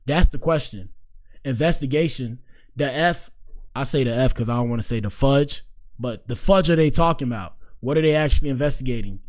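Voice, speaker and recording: A young man hosts a casual live stream in a mid-range voice. He talks loose and slangy, shouting out people and reacting straight at his screen. His delivery is animated and conversational. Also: mid-range voice, a little fast. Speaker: show host.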